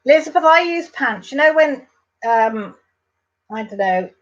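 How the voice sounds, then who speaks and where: A woman with a fairly high voice chatting away on a live stream, reading out viewer comments and calling them affectionate names. Her talk rambles and she breaks off into asides to the viewers. The audio is dull and lo-fi, like a home webcam mic. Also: lively intonation, a little slow.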